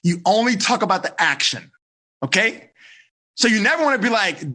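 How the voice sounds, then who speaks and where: Animated man coaching teens, husky voice. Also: very high-pitched, a little fast. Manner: animated, acts out dialogues, asks thumbs up or down. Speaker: teen life coach.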